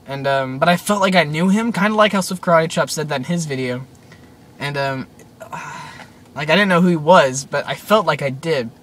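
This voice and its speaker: A young male vlogger, his voice a little high and fairly bright, casually tells his viewers about a strange dream at a moderate pace. He rambles through the story, stuffing it with "like" and "um."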